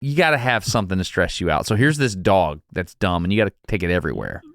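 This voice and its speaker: Male podcast co-host, low voice, dry close sound, chatty storyteller. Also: quick pace, no echo. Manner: animated anecdote-telling with laughs and restarts. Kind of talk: casual storytelling chat.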